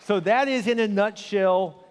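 High-voiced preacher in an echoing church. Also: male voice, a little slow, some chatter behind, a little hiss or hum. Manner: earnest storytelling preacher, emphatic. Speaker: pastor. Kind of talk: sermon.

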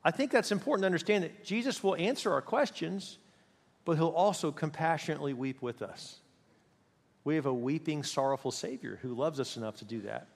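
A male preacher delivers a sermon in an animated, emphatic storytelling manner. His voice sits high for a man. A long reverb from the church sanctuary hangs after his words. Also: fairly quick, creaky, breathy edge.

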